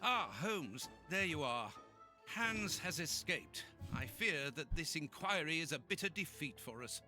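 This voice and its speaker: A man's voice: on the high side, expressive, unhurried, sharp tone, faint music behind, full character voice. An actor playing an earnest, loyal male doctor sidekick in a video game, a little anxious.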